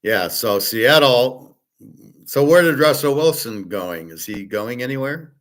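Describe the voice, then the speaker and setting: A man's voice: mid-range voice, animated, a little slow, a bit bright, poor audio. A middle-aged man hosting, talking in a blunt, opinionated, rambling way and swearing at times. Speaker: host. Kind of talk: casual rambling monologue.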